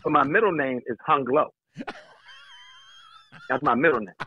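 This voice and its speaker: Husky guy over a tinny phone line, joking around, telling loud stories. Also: medium pitch, normal speed. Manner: animated, joking, laughs often. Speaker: actor, guest. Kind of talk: casual interview chat.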